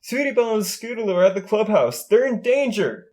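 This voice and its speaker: A man's voice: sits high, lively intonation, fairly quick, a little mellow, voice pushed up. A man doing Apple Bloom, sobbing little filly. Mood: insistent. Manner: sobbing, stammering pleas. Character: terrified little filly, young girl pony.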